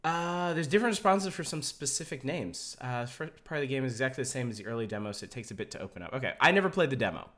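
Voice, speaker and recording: Wry, animated game streamer. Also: medium pitch, fast talker, hardly any pauses. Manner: wry, joking, reacts to chat. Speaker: streamer playing a video game. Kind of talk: casual live-stream commentary. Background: video game music.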